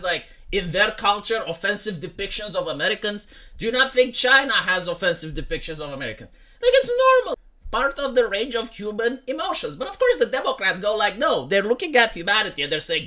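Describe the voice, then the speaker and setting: Young guy ranting and swearing, bright voice, pitch jumps all over. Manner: heated, profane, repeats "like" and "right?". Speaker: commentary streamer. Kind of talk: ranting commentary.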